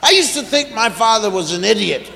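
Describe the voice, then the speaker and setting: A man performing a stand-up routine before a live audience, acting out parents and children with rapid repeated phrases. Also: high-pitched, expressive, vocal fry, pushed and bright, a faint crowd. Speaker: stand-up comedian. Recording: echoey hall with audience.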